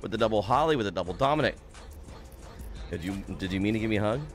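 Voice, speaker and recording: A man's voice: fairly low pitch, animated, quick pace, faint music behind. A young man streaming a game, chatting casually and upbeat, greeting viewers by name and swearing now and then. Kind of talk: casual live-stream chat.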